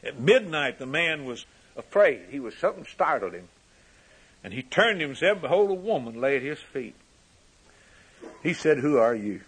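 A man preaching a sermon with fervent delivery, swinging from loud emphasis to hushed lines. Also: fairly high pitch, sing-song, moderate pace, pauses often, husky, poor audio.

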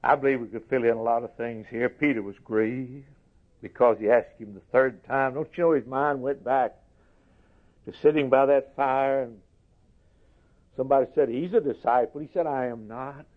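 A man preaching a sermon slowly and emphatically, lifting his voice for quoted scripture. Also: mid-range voice. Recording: tinny phone-like recording.

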